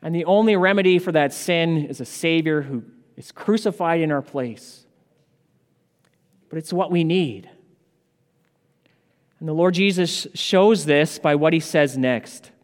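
A man preaching an earnest expository sermon, slowing down to stress key points. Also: fairly high pitch, long reverb tail.

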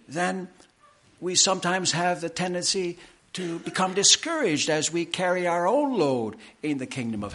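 A man preaching a sermon, slow and emphatic, with deliberate pauses. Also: high-pitched, a bit bright. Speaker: pastor.

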